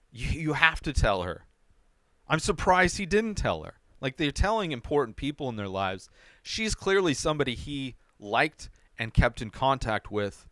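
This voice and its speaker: A man's voice: mid-range voice, fairly bright tone, no echo, clean studio sound. A man hosting a TV episode recap podcast, talking casually and animatedly with lots of fillers. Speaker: podcast host.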